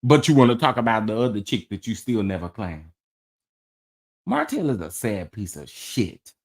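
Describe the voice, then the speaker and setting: This time his voice sits on the low side and moves at a normal speed. As host of a relaxed gossip chat, the man spins animated stories for viewers, laughing and exclaiming often.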